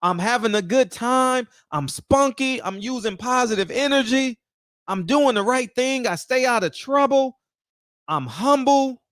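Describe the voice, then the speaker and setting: Man, high-pitched, animated preachy rant, dry close mic. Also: unhurried, no room sound. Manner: animated, preachy, talks straight to the viewers. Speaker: boxing commentator. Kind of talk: casual opinion rant.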